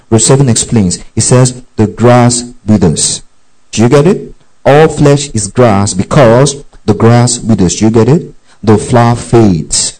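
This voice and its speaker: A man preaching a sermon and reading scripture aloud, often repeating verses slowly and asking the congregation whether they are following along. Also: mid-range voice, mellow, poor audio. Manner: keeps checking in with the congregation, repeats verses and calls out "underline that"; reads scripture slowly and deliberately.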